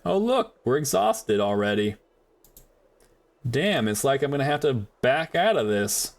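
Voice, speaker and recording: A man's voice: mid-range voice, sing-song, unhurried. A young man chatting rambly to his viewers while playing a game live, talking into a desk mic. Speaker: streamer. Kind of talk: live gameplay commentary.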